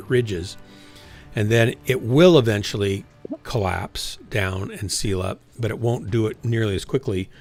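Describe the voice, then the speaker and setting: A man in his sixties streams games from home, his voice lowish with a darkish tone. He chats in a frank, rambling way, often correcting himself and trailing off.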